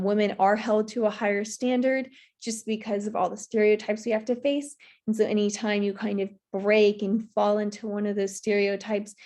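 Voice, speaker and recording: A woman of average pitch gives a presentation in a virtual workshop. She speaks earnestly, with many "you know" fillers, as she gives advice. The audio comes through a video call mic. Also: mellow.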